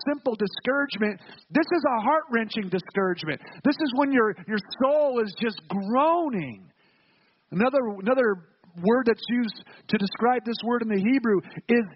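A man's voice: very high voice, lively intonation, normal speed, muffled recording, a little hiss or hum. A man preaching a sermon as pastor, earnest and emphatic, with rhetorical questions and repeated words.

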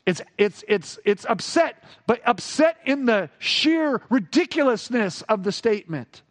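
A man with a notably high voice preaches a sermon. He acts out quoted speech and climbs higher and louder when he presses a point. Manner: expressive preaching, acts out quoted voices, rises in pitch for emphasis. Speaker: pastor.

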